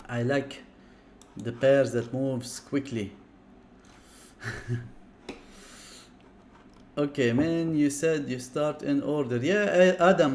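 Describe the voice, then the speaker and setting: A man hosting a live stream, talking viewers through charts in a chatty way, repeating words in quick bursts and often apologizing. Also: mid-range voice, a little mellow, slight background noise. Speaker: livestream trading analyst.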